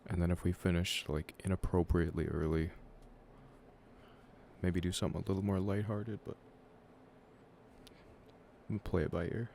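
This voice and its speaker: A young man with a low, mellow voice talks loosely to his viewers while playing a story game. He chats in a relaxed, offhand way between reading the game's lines aloud. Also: moderate pace, gravelly, long pauses, a little hiss or hum. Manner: relaxed chatter, reads game dialogue aloud. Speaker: streamer. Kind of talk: casual live-streamed game playthrough.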